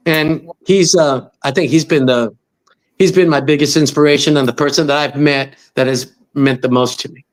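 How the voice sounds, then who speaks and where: Animated middle-aged man telling a story. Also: on the high side, moderate pace. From Los Angeles. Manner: animated, acts out quoted voices. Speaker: musician guest. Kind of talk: storytelling in interview.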